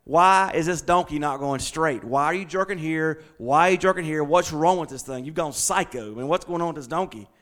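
A man voicing an exasperated prophet who cannot control his donkey, speaking in a rattled, rapid way. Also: fairly high pitch, fairly bright tone, pitched below the performer's own voice, natural voice. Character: exasperated male prophet riding a stubborn donkey.

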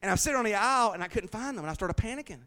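Middle-aged pastor, slightly high voice, folksy sermon delivery with big volume swings. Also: male voice, expressive, racing. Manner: folksy storytelling, shifting from hushed to shouting.

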